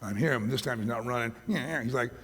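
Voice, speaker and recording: A man preaching a sermon as pastor, telling animated stories about his pets, in a church hall with long reverb. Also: medium pitch, quick pace, slightly rough. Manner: anecdotal, animated storytelling.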